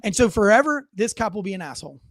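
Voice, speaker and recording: A man's voice: high-pitched, sing-song, fast talker, no room sound. Brief: male police officer as a podcast host, blunt and profane, leading questions, in a dry, close recording. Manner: explains with analogies, asks leading questions. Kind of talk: casual interview conversation.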